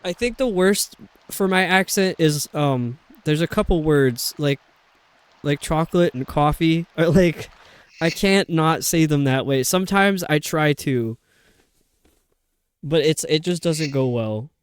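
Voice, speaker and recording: Male streamer, faint New York accent, higher-set voice, rambling casual chat with frequent laughs. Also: measured pace, clear, resonant tone. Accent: faint New York metropolitan. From New York City metropolitan area. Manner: chatty and rambling, laughs often. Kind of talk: casual chat while playing a video game.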